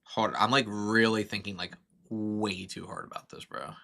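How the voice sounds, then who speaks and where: A young man thinks out loud through a live-stream tutorial, his voice bright and forceful. He rambles and corrects himself constantly, full of fillers, and gets excited as he works. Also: lowish voice, normal speed, vocal fry. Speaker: streamer teaching 3D modeling.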